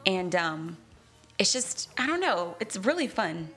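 A woman's voice: mid-range voice, very animated, a little slow, over loud music. A woman co-hosting a podcast, chatting casually and enthusiastically, often trailing off mid-sentence. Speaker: podcast co-host. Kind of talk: casual chat.

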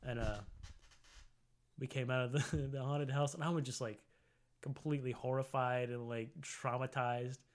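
A man's voice: steady tone, normal speed. Rambling man telling a casual story. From Tennessee. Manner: rambling, lots of "like" fillers, acts out quotes in a high voice. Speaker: podcast co-host.

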